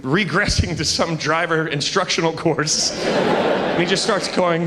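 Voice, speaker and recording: A man doing stand-up comedy on a theater stage, telling an animated story and acting out the people in it. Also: high-pitched, fairly quick. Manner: animated, acts out characters in his story. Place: large theater stage with live audience. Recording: live hall with loud crowd noise.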